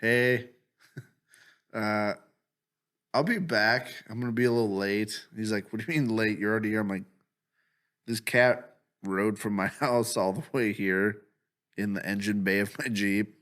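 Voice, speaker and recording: A man's voice: fairly low pitch, fairly even intonation, a little slow, long pauses, fairly bright tone. Profane, laughing man telling stories. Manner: profane, laughing storyteller who acts out his own lines. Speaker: podcast co-host. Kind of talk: casual comedy podcast chat. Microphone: studio podcast mic.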